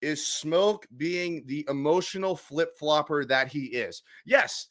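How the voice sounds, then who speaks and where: A man in his twenties, a sports fan streamer ranting emotionally to his chat, swinging from shouts to hushed murmurs. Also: a little high, takes it slowly. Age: 20s. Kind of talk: excited casual fan rant.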